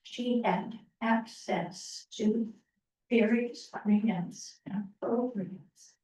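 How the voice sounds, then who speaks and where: A woman presenting to a town planning meeting, speaking slowly with many pauses and ums. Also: a little high, a little mellow, a little hiss or hum. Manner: slow, halting, many ums. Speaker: open space committee presenter. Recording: roomy, distant, muffled meeting audio.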